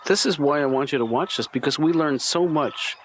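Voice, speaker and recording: A man playing a soft-spoken dry therapist. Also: a little high, a little fast, a little hiss or hum, natural voice. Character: mild-mannered middle-aged male therapist. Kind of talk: cartoon sitcom dialogue.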